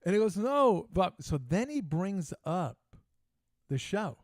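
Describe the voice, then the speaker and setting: A man's voice: high-pitched, animated, unhurried, a little mellow, no room sound. An older man hosting a casual sports talk show, telling brash, joking stories with lots of animation. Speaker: podcast host. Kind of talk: casual storytelling chat.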